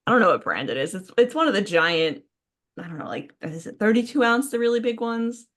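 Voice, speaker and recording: A woman co-hosting a podcast, chatting casually in a lively, jokey way. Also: medium pitch. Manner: lively, jokey, quick bursts of excitement. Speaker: podcast co-host. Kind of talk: casual chat.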